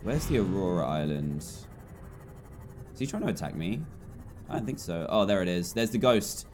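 Lively intonation and normal speed mark this twenty-something gaming YouTuber from England, heard over soft background music. With an English accent, he's chatty and jumpy as he narrates his play, moving between low mutters and loud yelps.

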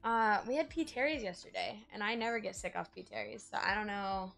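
A woman's voice: mid-range voice, a little fast, vocal fry, fairly bright tone, faint music behind. A woman livestreams from her home gaming setup, chatting loosely with friends between rounds. Her talk is playful and joking, with a light teasing edge. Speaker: streamer. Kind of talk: casual livestream chat while gaming.

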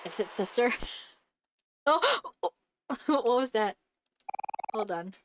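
A woman's voice: mid-range voice, slow, long pauses, noisy background. A woman streaming a video game, reacting to it with jokes and lots of giggles. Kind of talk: let's play commentary.

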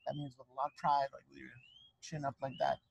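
A man's voice: mid-range voice, level tone, quick pace, vocal fry, muffled recording, a little hiss or hum. A man reading a picture book aloud to children, chatty, stopping to explain words as he goes. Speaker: storytime reader for children. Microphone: handheld mic, briefly dropped on the ground.

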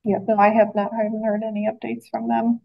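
A woman's voice: medium pitch, level tone, a little fast, creaky, no echo, dull audio. A woman, a library director, running a public board meeting in a chatty way with lots of fillers and restarts.

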